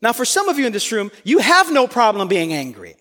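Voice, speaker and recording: A man with an unusually high-pitched voice delivers a sermon. He speaks earnestly and with strong emphasis, at times lifting almost to a shout. His voice carries a long reverb that fills a large hall. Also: huge pitch swings, brisk. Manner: earnest and emphatic, rising to near-shouts on key points. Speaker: preacher.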